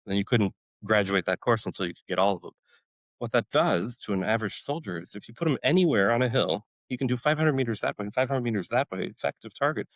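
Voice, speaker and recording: A middle-aged man tells a long war story in a casual podcast chat. He is lively and animated, jumps into the voices of the people he quotes, and his voice swings up and down. The sound is dry and close. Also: on the low side, fast, dry recording, rough recording. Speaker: podcast guest, former special forces medic.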